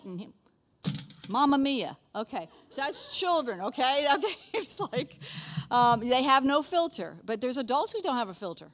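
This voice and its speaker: A woman's voice: high voice, moderate pace. Chatty woman giving a sermon. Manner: chatty, animated, frequent "okay?" asides. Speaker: pastor's wife, speaker. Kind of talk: casual sermon talk.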